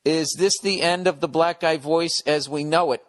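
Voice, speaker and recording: A man's voice: a little high, steady tone, moderate pace, no room sound. A man hosting a podcast, reading listener letters aloud and breaking in with blunt, profane comic riffs in a casual monologue.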